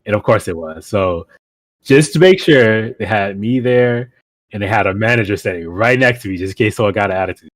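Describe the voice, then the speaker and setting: A man's voice: on the low side, a little fast, no echo. A young man on a podcast, casually telling a rambling anecdote with lots of fillers and restarts. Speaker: podcast co-host. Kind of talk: casual chat.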